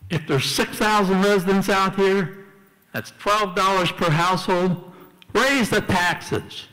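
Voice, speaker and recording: A man's voice: high-pitched, takes it slowly, pushed and bright, long reverb tail, poor audio. A man giving blunt, argumentative public testimony at a city council hearing. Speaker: public commenter. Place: council chamber.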